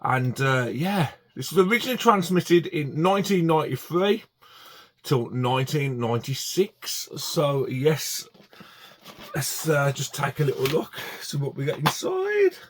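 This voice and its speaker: Chatty man with a higher voice. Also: very animated, measured pace. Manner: chatty, enthusiastic, with many fillers and restarts. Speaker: DVD collector vlogger. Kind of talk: casual chat to camera.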